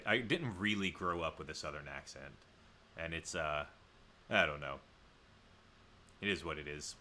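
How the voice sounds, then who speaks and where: A low-pitched man from the American South chats loosely through a livestream, wandering off on asides and correcting himself mid-sentence. His voice is very deep, yet it cuts with a bright, forceful edge, and a faint hiss of noise sits underneath. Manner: rambling, self-correcting, chatty asides to viewers. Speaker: livestream host. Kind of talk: casual livestream chat.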